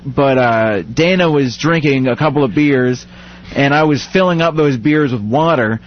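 A man guest on a podcast, telling stories in an animated, joking way and slipping into quick impressions of other people. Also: mid-range voice. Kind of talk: casual chat. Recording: muffled lo-fi podcast audio.

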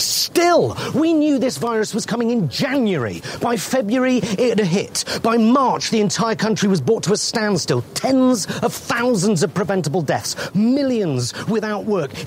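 A comedian playing an English reporter in a sweary rant. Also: male voice, high-pitched, slight background noise. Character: furious male British TV news reporter ranting.

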